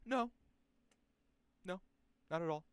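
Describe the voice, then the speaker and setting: A man's voice: high voice, expressive, slow, a bit bright, clear, resonant tone, no echo. A young man casually telling a story from his school days, rambling and profane, with many restarts and fillers.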